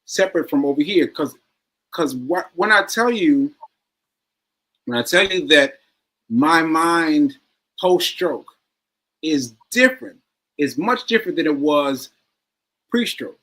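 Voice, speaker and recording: A man's voice: fairly high pitch, animated, measured pace, pauses often, a bit bright, poor audio. A man being interviewed as a guest, speaking earnestly and repeating phrases for emphasis. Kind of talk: interview conversation.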